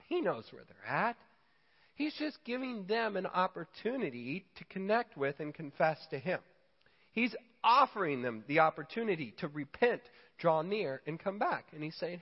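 A man preaching a sermon, telling stories and acting out quotes with lively emphasis. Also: high-pitched, normal speed, husky. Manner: storytelling, animated quoting. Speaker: pastor. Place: church hall. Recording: dull sound in a reverberant church hall.

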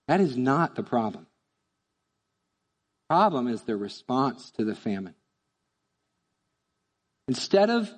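Male pastor, high voice, chatty animated sermon, reverberant church. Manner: conversational, animated, acts out voices.

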